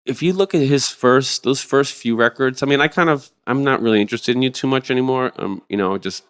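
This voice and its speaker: A middle-aged man telling stories as a podcast guest in a rambling, animated way, swearing freely. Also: medium pitch, brisk, clean tone. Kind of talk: casual interview storytelling.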